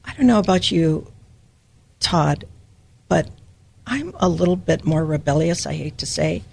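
A woman's voice: deep voice, expressive, a little slow, gravelly, darkish tone, a little hiss or hum. An older woman from Hawaii giving a personal, emotional devotional Bible teaching as a podcast host.

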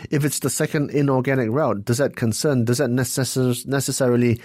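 A man's voice: mid-range voice, steady tone, fairly quick, a little mellow, no echo. A man hosting a business interview, putting direct, pointed questions to his guest. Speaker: interviewer host.

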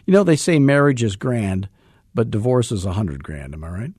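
A middle-aged man coaching real estate agents in a salesy, joking, energetic way. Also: on the low side, moderate pace, husky, no room sound. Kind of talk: coaching podcast talk.

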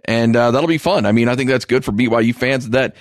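A man's voice: mid-range voice, quick pace, no echo, clean studio sound. A man co-hosting a sports radio talk show, chatty and easily amused. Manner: chatty, amused, many fillers. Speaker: co-host.

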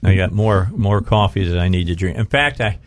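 A man's voice: low voice, animated. Rambling middle-aged male radio host. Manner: rambling, restarts mid-sentence, drawn-out emphasis. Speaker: radio talk show host. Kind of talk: casual talk radio. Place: radio studio.

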